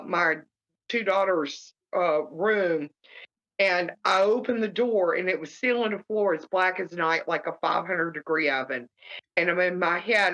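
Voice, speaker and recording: Woman telling a hard personal story. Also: fairly bright tone. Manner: halting, many fillers and restarts. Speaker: guest. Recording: muffled low-fidelity audio.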